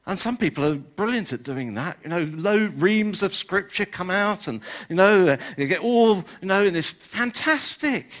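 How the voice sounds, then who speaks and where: A man's voice: sits high, expressive, normal speed, hardly any pauses, a bit bright. An older man, preaching a sermon in a conversational way and often saying "you know". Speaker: pastor.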